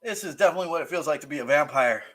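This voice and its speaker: A man hosting a casual livestream while eating hot sauces, his mouth burning and eyes teary, gasping, sighing and groaning between slow remarks. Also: fairly high pitch, animated, fairly bright tone. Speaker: livestream host.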